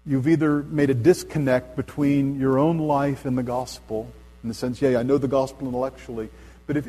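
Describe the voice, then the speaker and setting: A middle-aged man preaching a sermon as a pastor, earnest and emphatic at his high points, then soft and low as he tells stories. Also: husky. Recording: long hall reverb.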